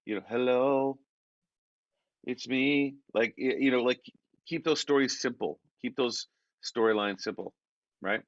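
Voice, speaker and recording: A man's voice: fairly low pitch, dry recording. A man reviewing songs for a music platform in casual chat, rambling and repeating words as he searches for them. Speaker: A&R song reviewer. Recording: dull, muffled dry sound.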